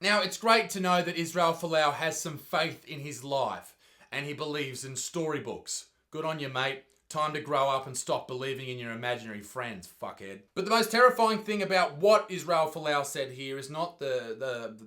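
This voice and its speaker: A man's voice: a little high, lively intonation, moderate pace, bright, forceful tone. A young Australian man hosting a comedic news rant, sweary and sarcastic. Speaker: comedian host. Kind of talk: ranting comedic news commentary.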